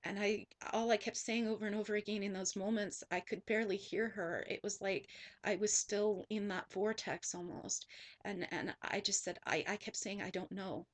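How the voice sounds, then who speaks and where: A woman's voice: mid-range voice, steady tone, normal speed. Woman, spiritual teacher, earnest, repetitive, restarts sentences, storytelling monologue.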